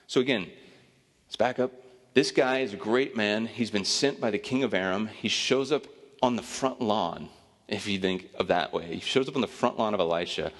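A man speaking as a pastor gives a casual, joking sermon, telling a Bible story in an easygoing, conversational way. His voice is fairly low and his speed normal, and a hall's long reverb trails his words.

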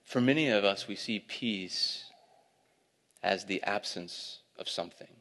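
A young adult man preaching a sermon, telling a lively family story and laughing at it. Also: lowish voice, measured pace. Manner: storytelling, animated, laughing at his own stories. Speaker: pastor. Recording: long hall reverb.

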